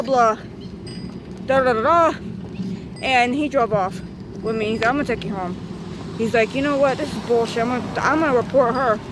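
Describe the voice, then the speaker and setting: A woman telling a personal story in casual storytime style, animated and swearing freely as she acts out what everyone said. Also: high voice, background noise.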